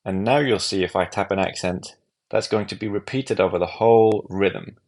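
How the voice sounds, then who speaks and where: A man giving a calm, methodical step-by-step walkthrough of a music app. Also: sits low, moderate pace. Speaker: app tutorial presenter. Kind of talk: screen-recorded software walkthrough.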